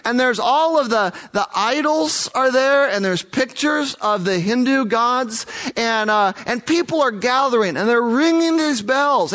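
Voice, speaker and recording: A man's voice: very high voice, a bit bright. A man working as a missionary tells a first-person testimony story, earnest and vivid, acting out the dialogue.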